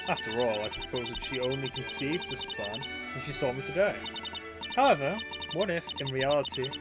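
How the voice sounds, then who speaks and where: A man's voice: medium pitch, close to an everyday voice. A man reading a brash, bluffing defense lawyer. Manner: brash, blunt, swears. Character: scrappy, bluffing young female defense lawyer. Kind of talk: let's play voice acting. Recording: loud game music behind.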